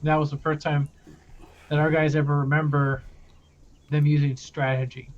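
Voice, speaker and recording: A young man recapping a tabletop campaign as game master, loose and rambling with many pauses. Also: fairly high pitch, little pitch movement, muffled recording.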